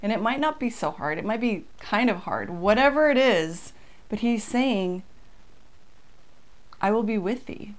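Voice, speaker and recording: A woman co-hosting a casual scripture lesson, reading verses aloud and talking them through in a relaxed, conversational way. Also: mid-range voice, measured pace, long pauses. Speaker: co-host of a scripture study.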